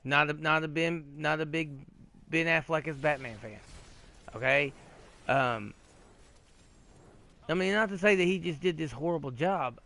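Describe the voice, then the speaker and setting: A man hosting a gaming video, ranting in a rambling, profane, excitable way with frequent restarts while he plays. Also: fairly high pitch, measured pace, creaky, long pauses. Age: adult, old enough to remember 80s cartoons. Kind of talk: casual rant while playing a game.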